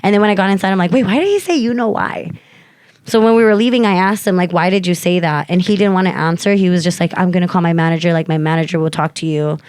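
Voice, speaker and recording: Animated profane woman comedian. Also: fairly low pitch, very fast, few pauses, clean tone, no room sound. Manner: animated, profane, acts out quotes. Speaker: podcast co-host and comedian. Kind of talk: casual storytelling chat.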